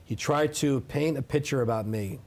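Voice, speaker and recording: Brief: thirties male interviewee, insistent and defensive, ordinary middle pitch. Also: moderate pace, a little mellow. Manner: emphatic, defensive, repeats "okay?". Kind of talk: sit-down interview.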